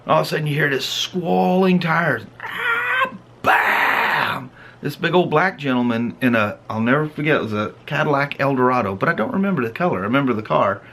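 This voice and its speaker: Fast and gravelly, with hardly any pauses, this fairly high-pitched middle-aged man hosts a family vlog. He comes from the US Pacific Northwest and gets animated as he casually recounts a story, laughing and playing out its scenes.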